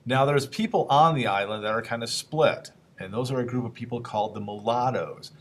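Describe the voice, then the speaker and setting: A middle-pitched man teaches history like a classroom teacher, keeping things relaxed and chatty. He poses questions to his audience and briefly puts on lively voices for historical figures before returning to his point.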